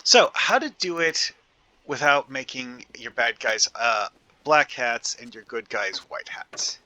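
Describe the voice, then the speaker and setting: Here a man who makes gaming videos comments casually on his play, wandering through his thoughts with frequent fillers and restarts. His voice is mid-range, animated and sharp, the pace slow, and the recording has no echo.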